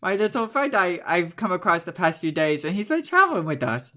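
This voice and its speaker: A man's voice: sits high, big pitch swings, bright, forceful tone, voice pushed up, full character voice. A man voicing a shy, eager young man who stammers and halts as he introduces his friends in a tabletop game. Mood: bashful. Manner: stammering, halting and bashful.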